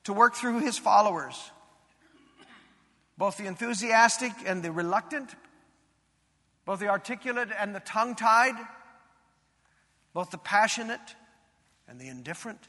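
A man's voice: high-pitched, lively intonation, unhurried, long pauses, bright, forceful tone. A male pastor preaching a sermon, telling a personal story in an earnest, confessional way that builds to fervent emphasis, recorded in a church sanctuary. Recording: long reverb in a large hall.

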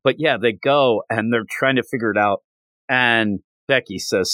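A man's voice: medium pitch, measured pace, a bit bright, dry recording. A man hosting a podcast, recapping a manga chapter in a rambling, casual storytelling style full of fillers. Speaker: podcast host.

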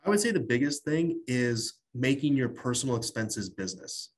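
A man's voice: medium pitch, lively intonation, moderate pace. A man, a tax strategist guest in an interview, explaining things in a loose, storytelling way with many fillers. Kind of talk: casual interview talk.

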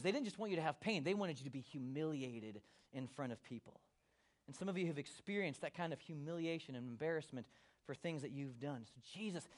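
A male pastor preaching a sermon, swinging from hushed to loud and acting out quotes. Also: fairly high pitch.

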